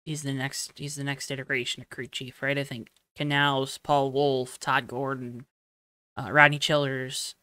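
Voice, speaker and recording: Young male podcast host, bright clear voice, rambling explainer, dry close mic. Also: medium pitch, little pitch movement, a little slow, dry recording. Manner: rambling, lots of ums, explains at length. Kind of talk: casual chat.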